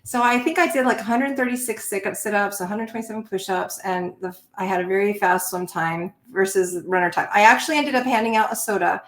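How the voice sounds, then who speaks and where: A middle-aged woman, a former Navy officer, tells stories from her career in a lively, conversational way and breaks into laughter between them. Her voice sits at an ordinary pitch for a woman. The recording has a noticeable room echo. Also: a little fast, few pauses. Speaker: Navy veteran guest. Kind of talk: conversational interview storytelling. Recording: roomy echo.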